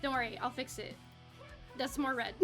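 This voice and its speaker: A woman's voice: high voice, fairly even intonation, moderate pace, sharp tone, soft background music. A young woman hosting a casual livestream from her home setup, chatting with viewers in a bubbly, giggly way and getting easily flustered. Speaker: livestream host.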